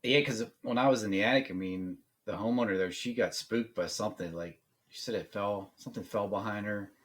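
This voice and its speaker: A man's voice: fairly low pitch, a little fast, a bit bright. A man from Pennsylvania co-hosting a podcast, mostly giving short, easygoing replies in casual chat. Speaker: podcast co-host.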